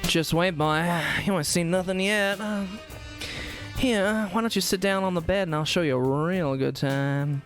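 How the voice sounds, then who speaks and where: A woman's voice: fairly low pitch, a little slow, faint music behind, close to an everyday voice. A woman voicing a flirty, scheming middle-aged Mrs. Claus in a game, with a drawling, teasing manner.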